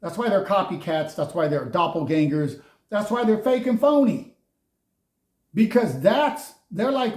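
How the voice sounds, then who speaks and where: Mocking, unhurried man reading tarot. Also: high voice, animated, darkish tone. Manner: preachy, mocking, laughs often. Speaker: tarot reader. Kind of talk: casual spiritual tarot vlog. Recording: roomy echo.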